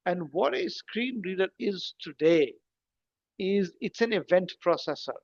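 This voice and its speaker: A man, speaking as a guest. He talks conversationally, explains things step by step, and throws in rhetorical questions and lively asides. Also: high-pitched, unhurried, creaky, no room sound, dull audio. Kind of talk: conversational talk in an online session.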